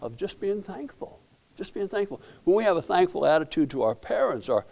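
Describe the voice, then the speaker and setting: A middle-aged man preaches a sermon, his voice carrying a gravelly edge. He speaks in a folksy, storytelling way, circling back with repeated words and restarts as he makes his points. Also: high-pitched, big pitch swings, fairly quick, darkish tone. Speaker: pastor.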